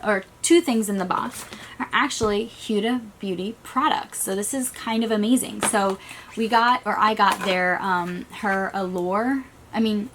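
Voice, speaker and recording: Still getting over a migraine, a woman talks quickly and casually as she unboxes a beauty box for her vlog, often trailing off. She has a medium-pitched voice, and background noise fills the small, stuffy room.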